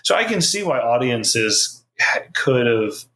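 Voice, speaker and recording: A man's voice: medium pitch, very animated, measured pace, pushed and bright, rough recording. Man musing over a film as a guest. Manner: thoughtful, restarts mid-sentence. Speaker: podcast guest. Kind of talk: casual film discussion.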